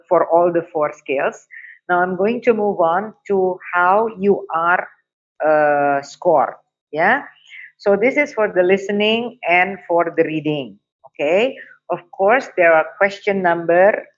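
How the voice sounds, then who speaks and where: An Indonesian-accented woman teaches over a video call, speaking slowly and deliberately. She keeps checking in with her students, asking "okay?". The webinar audio is dull and lo-fi. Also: fairly low pitch. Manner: code-switching, checks in often with "okay?". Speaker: TOEFL prep teacher. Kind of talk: online webinar lesson. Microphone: computer mic on a video call.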